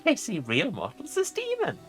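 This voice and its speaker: A man's voice: sits high, wildly swooping pitch, normal speed, fairly bright tone, faint music behind, voice pushed up, heavily acted. A man voicing an airy, otherworldly female demon who sounds insect-like and mocking.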